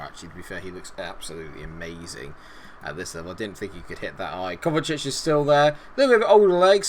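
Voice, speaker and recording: A man commentating a football management game, chatty and easily excited. He talks straight to his viewers over a faint background hiss. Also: medium pitch. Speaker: gaming video host.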